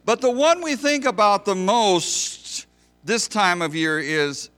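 A man delivering a sermon at an unhurried pace. He talks in a folksy, storytelling way, easing his listeners into the point. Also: high voice, animated, a bit bright. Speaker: pastor.

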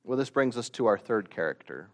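A man preaching a sermon, slow and deliberate, rising to loud emphatic peaks and dropping to quiet asides. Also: medium pitch, sing-song. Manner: slow, deliberate delivery with long pauses.

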